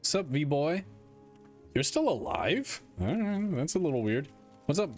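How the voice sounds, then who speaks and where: A man's voice: a little high, big pitch swings, unhurried, a little mellow, faint music behind. A man casually commenting on a game as he plays it, laughing, swearing and talking back to the screen. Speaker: gamer playing a game for the first time.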